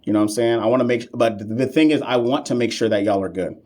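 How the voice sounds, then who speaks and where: A man's voice: mid-range voice, fast, a little mellow. A man runs a live-stream lesson on nursing exam questions. He is sassy and playful, answers viewers' comments directly, and leans on slang and emphatic repetition to drive points home. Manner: sassy, playful, talks back to chat.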